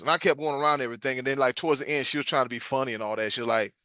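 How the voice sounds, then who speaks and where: A man on a casual podcast, telling a story in a blunt, animated, joking way. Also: mid-range voice, racing, few pauses, no room sound, clean studio sound. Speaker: podcast co-host.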